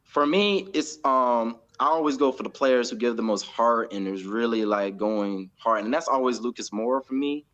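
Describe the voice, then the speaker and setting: A man with an American accent, chatting casually as a pundit on a fan show, animated and laughing often. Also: mid-range voice, normal speed, few pauses, muffled recording. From United States. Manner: animated, laughs often, acts out quotes in a raised voice. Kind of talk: casual post-match chat.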